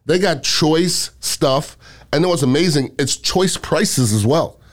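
A man hosting a podcast, talking casually and bluntly in an animated storytelling way. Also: on the high side, takes it slowly. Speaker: podcast host. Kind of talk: casual monologue.

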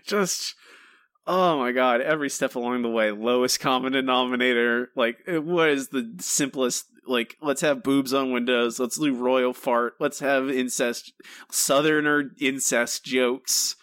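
This man co-hosts a podcast, chatting casually about reviews in an exasperated, rambling way and restarting often. His mid-range voice is a bit bright, with fairly even intonation and a measured pace. The recording is dry and studio-clean.

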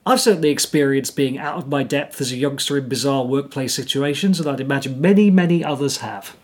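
A man's voice: medium pitch, fairly quick, a little mellow. A man co-hosting a podcast, delivering partly scripted commentary in a dry, wry way. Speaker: podcast co-host. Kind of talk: casual chat with scripted segments.

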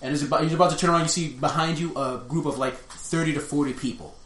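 A man's voice: fairly high pitch, steady tone, fast talker, fairly bright tone, a little hiss or hum. A man narrating a tabletop role-playing game as game master, loose and rambling, often laughing.

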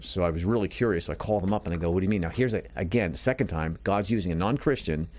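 Fast-talking deep-voiced man telling his story. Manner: earnest, animated storyteller who acts out quoted dialogue. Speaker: guest, motivational speaker and business coach. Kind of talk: conversational storytelling.

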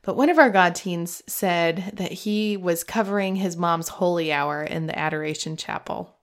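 Speaking at a moderate pace with a fairly low pitch, a middle-aged woman hosting a podcast recounts her own faith story with real feeling. She becomes emotional now and then, laughing while tearful.

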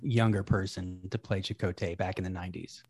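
Male podcast co-host, low voice, dry wisecracks, casual. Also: steady tone, brisk, darkish tone, husky. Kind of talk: casual chat.

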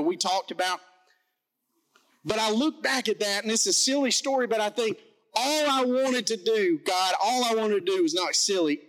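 A man preaching a sermon as pastor, telling a story in an animated, self-mocking way. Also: sits high, rough recording.

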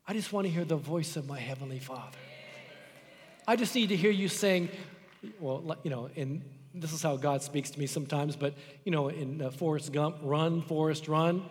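A man's voice: on the high side, moderate pace, big-room sound. A middle-aged man preaching a sermon in a church, impassioned, acting out quoted voices. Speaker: pastor. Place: church sanctuary.

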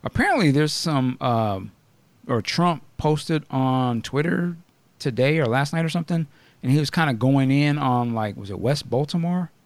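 A male podcast host chatting casually with his co-hosts. He talks in a blunt, animated way, often laughing and asking questions. His voice sits in a middle range and is recorded dry and close, with no room echo. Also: medium pitch, moderate pace. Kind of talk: casual chat.

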